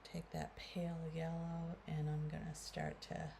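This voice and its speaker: A woman's voice: sits low, completely flat delivery, measured pace, gravelly, warm tone, a little hiss or hum. A woman in her fifties with a Canadian accent, chatting casually to viewers through a makeup tutorial. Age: 50s. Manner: chatty, addresses viewers as guys, many fillers. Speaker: beauty vlogger.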